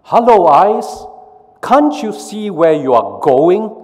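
A man playing an exasperated, scolding brain, voice pushed high above his own and swinging up and down, slow deliberate delivery. It rings with the long reverb of a worship hall. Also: sing-song, darkish tone, heavily acted. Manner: scolding, raised and strained. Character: bossy exasperated brain of a body.

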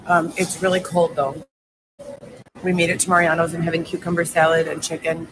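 A woman's voice: on the low side, level tone, a little fast, noisy background. A young pregnant woman rambling effusively in an emotional thank-you video. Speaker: streamer filmed in a played clip.

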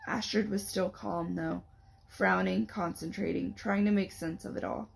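A woman on a library's staff reading the first chapter of a young adult novel aloud in a steady storytelling manner. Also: medium pitch, measured pace, vocal fry, breathy edge.

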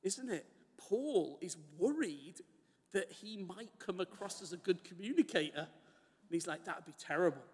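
Animated preacher in a reverberant hall. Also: male voice, sits high, normal speed, husky. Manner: animated, laughing, acting out quoted voices. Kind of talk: Bible teaching.

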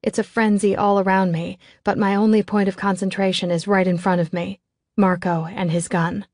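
A woman's voice: medium pitch, level tone, normal speed, darkish tone, no room sound. A woman reading a novel aloud in scripted first-person narration, in a tense, controlled way. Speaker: audiobook narrator.

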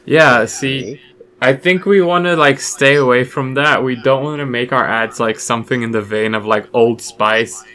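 Young man, friend in a casual chat, bright forward voice, dry musing delivery. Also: mid-range voice, normal speed. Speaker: co-host friend.

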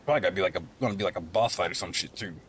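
A man talks casually over his gameplay, rambling and thinking out loud. His voice sits low, and a faint hiss runs behind him. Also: racing. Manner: rambling, thinks aloud with fillers. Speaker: gameplay streamer. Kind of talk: casual game commentary.

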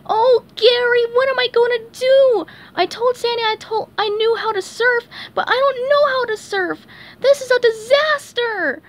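A woman reading a storybook aloud, voicing an excitable young male sea sponge in a squeaky, frantic, anxious way. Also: slow, heavily acted. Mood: panicked.

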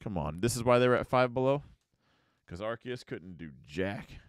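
A man's voice: medium pitch, lively intonation, moderate pace, no echo, clean studio sound. An American man hosting a casual card-opening video, chatting and muttering card names as he opens packs. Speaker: YouTube card-opening host. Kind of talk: casual pack-opening commentary.

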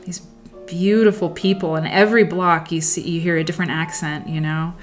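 A woman's voice: on the low side, fairly even intonation, brisk, soft background music. A woman hosting a livestream, telling stories in a rambling, reflective way that often trails off. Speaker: livestream host. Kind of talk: casual livestream storytelling. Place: at home while sewing.

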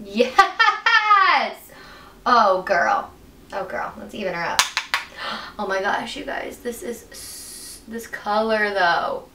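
With a mid-range, fairly bright voice, a young woman beauty vlogger gushes and gasps in breathless excitement as she unboxes products. Her excited chat is recorded in an echoey room, the mic set at a distance, with a faint hiss.

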